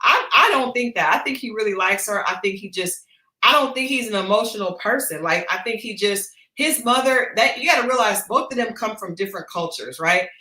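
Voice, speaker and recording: Co-hosting a livestream chat show at her home studio, a woman offers frank, gossip-laden commentary on a reality dating series, recounting events animatedly. Her voice is mid-range and fairly quick, with a roomy sound around it.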